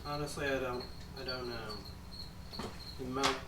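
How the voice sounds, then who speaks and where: A man playing in a tabletop game, speaking in a hesitant, halting way. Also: medium pitch, fairly even intonation. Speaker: player. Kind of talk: casual tabletop play. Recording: echoey room, distant mic, background noise.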